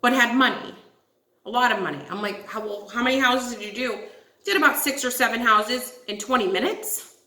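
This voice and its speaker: A woman's voice: on the high side, brisk, sharp tone. A young woman hosting a casual storytime vlog, talking animatedly, swearing and calling her viewers guys. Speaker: channel host telling a story. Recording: echoey room.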